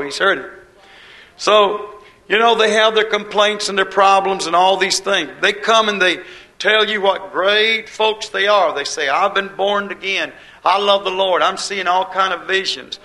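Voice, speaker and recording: Gravelly, bright-voiced preacher man. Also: sits high, low-quality recording. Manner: folksy, homespun preaching with dialect and quoted voices. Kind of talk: sermon.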